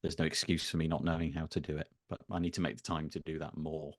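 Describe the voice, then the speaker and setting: A man's voice: rumbling low, level tone, fast talker, dry recording, studio quality. A middle-aged man chatting as a podcast guest, self-deprecating and hesitant, with many fillers. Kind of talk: casual interview chat.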